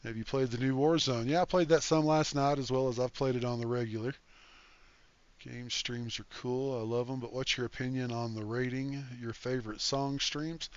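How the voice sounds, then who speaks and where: A man's voice: mid-range voice, fairly even intonation, moderate pace, clear, resonant tone, dull audio. An older man hosting a casual game livestream, reading chat aloud in an easygoing, folksy way and thanking viewers.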